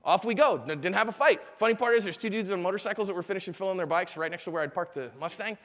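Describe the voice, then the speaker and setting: A middle-aged man with a fairly high voice leads a live seminar in a convention hall, telling stories with lively energy and slipping into the voices of the people he describes. His voice rings with a long, echoey hall reverb. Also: rapid-fire. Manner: animated storyteller, acts out quotes. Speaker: self-defense instructor.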